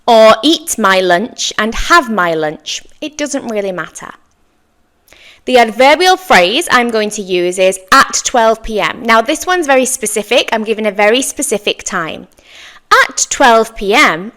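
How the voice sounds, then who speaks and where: A woman teaching an English lesson, saying example sentences slowly and clearly for learners to repeat, with encouraging praise. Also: on the high side, sharp tone. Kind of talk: slow, clear language lesson with repeat-after-me drills.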